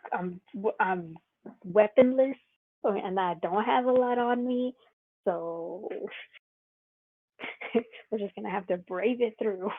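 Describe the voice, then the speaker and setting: A woman playing in a tabletop game, talking haltingly with many restarts. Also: medium pitch. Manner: halting, restarts, laughs easily. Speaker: player. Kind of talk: casual tabletop play. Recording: tinny phone-like line.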